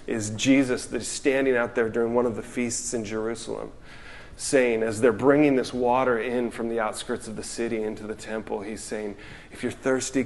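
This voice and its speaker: A man preaching a sermon in an earnest, reflective way, reading quotations aloud and dropping into softer asides. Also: medium pitch. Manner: earnest, reflective, reads quotes aloud, drops to soft asides. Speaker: pastor.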